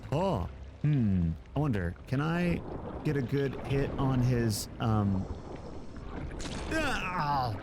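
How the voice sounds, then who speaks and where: A man's voice: medium pitch, drawn-out words, long pauses, noisy background. A man streaming a game live, commenting as he plays, often yelping and exclaiming in surprise. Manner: excitable, yelps and exclaims often.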